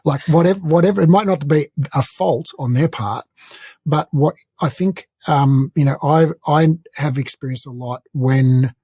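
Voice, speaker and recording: Man, podcast co-host, rambling casual talk, husky, mellow tone. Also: a little high, moderate pace, no echo. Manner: rambling, chatty, frequent fillers. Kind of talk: casual conversation.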